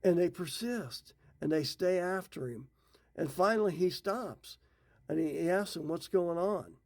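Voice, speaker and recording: Middle-aged guy, folksy bible storytelling, gravelly voice, sits a bit high. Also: lively intonation, measured pace. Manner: folksy, retells scripture in his own words. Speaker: Bible teacher.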